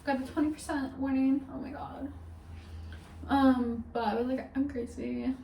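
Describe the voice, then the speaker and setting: A woman's voice: high-pitched, level tone, normal speed, creaky, warm tone, reverberant, distant mic, slight background noise, low-quality recording. A young woman vlogging at home, telling a story in a rambling, chatty way full of "like" and "literally". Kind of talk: casual storytime vlog.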